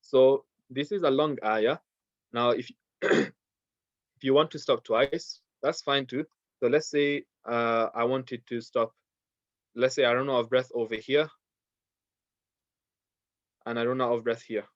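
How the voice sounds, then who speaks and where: A man's voice: mid-range voice, steady tone, measured pace, long pauses, dry recording, lo-fi sound. A man teaching a beginners' Quran recitation class, patiently explaining the rules step by step and reciting verses to demonstrate them. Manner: patient, repeats steps, recites verses in Arabic. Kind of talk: online class lesson.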